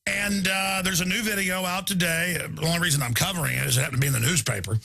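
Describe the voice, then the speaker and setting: A man's voice: high voice, quick pace, creaky, bright, forceful tone. A male talk radio host delivering a rambling, indignant live monologue.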